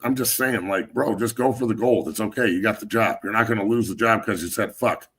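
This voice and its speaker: Talking a little fast, a sports talk host who used to play football uses a fairly low voice with a fairly bright tone. His delivery is blunt and rambling, loaded with profanity.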